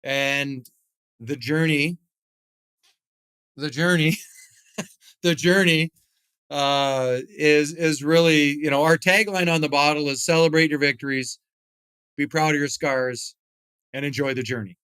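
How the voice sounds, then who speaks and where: A middle-aged man chats as a podcast guest with a smooth, clean voice that sits a little high. He rambles, restarts, and leans on fillers as he tells stories. The recording is dry and close. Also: steady tone, slow, pauses often, a bit bright, no room sound. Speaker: podcast guest, retired hockey player and whisky founder. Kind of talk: casual interview storytelling.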